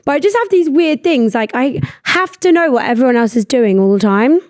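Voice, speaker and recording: A young woman hosting a podcast, talking in a rambling, animated way and swearing freely. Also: high voice, brisk, no echo, studio quality. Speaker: podcast host. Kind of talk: casual chat.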